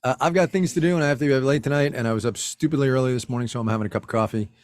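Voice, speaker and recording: A man's voice: medium pitch, very fast, no echo, studio quality. A man co-hosting a casual livestream from a home office, wry and teasing. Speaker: co-host.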